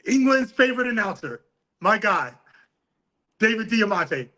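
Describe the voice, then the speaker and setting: A man's voice: sits high, a little slow, rough recording. A middle-aged man from New City, a boxing coach telling a story with laughs and swearing in a casual interview. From New York City. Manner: animated, laughing, profane storyteller.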